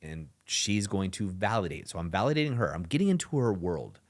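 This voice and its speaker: A man's voice: deep voice, expressive, fairly quick. A man hosting a podcast who gives relationship advice in a conversational, emphatic monologue. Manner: conversational and emphatic, acts out dialogues. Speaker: relationship coach and podcast host.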